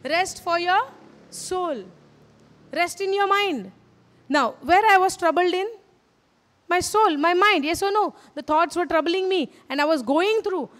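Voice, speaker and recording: A woman's voice: extremely high pitch, measured pace, a bit bright. A woman with an Indian English accent preaching a sermon, earnest and repetitive, often asking her listeners questions. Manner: earnest, repeats phrases, asks the audience questions. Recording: hall reverb.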